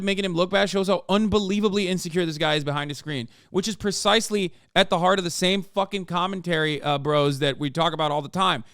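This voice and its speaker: Loud, profane streamer man, clear voice. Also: high-pitched, dry recording, studio quality. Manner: loud, profane, animated, mocks others in put-on voices. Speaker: livestream host reacting to videos. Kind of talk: profane reaction ranting.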